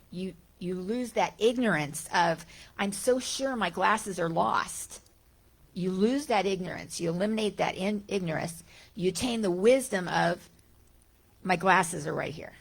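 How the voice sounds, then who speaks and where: Woman, spiritual talk, gravelly low voice, conversational, acts out inner thoughts. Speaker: guest speaker. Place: church sanctuary.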